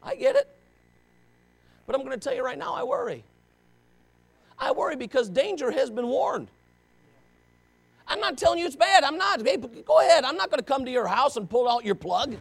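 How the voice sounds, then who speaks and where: High-voiced man preaching with passion. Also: big pitch swings, moderate pace, creaky, long pauses. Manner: impassioned, conversational preaching with many rhetorical questions. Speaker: pastor. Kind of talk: sermon.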